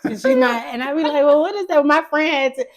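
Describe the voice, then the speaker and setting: A woman's voice: high-pitched, fast, highs cut off. An American woman in a casual conversation, playful and colloquial, acting out what people said. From United States. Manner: playful, laughs a lot, colloquial. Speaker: guest.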